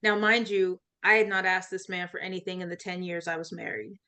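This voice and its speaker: A woman's voice: fairly low pitch, fairly even intonation, fairly quick, pushed and bright. A woman, a life coach, telling a personal faith story in an interview, laughing often and acting out quoted voices.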